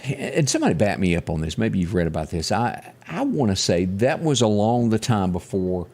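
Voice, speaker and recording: A man's voice: lowish voice, big pitch swings, normal speed, darkish tone. A man with a Southern US accent co-hosting a morning show, chatting casually and reading local ads in a folksy way.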